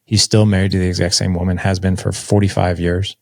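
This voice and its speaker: Candid man with a gravelly, low voice. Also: little pitch movement, a little fast, no echo, studio quality. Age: 40s. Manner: candid, conversational, heavy on filler "like". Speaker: podcast guest. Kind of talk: personal storytelling in an interview.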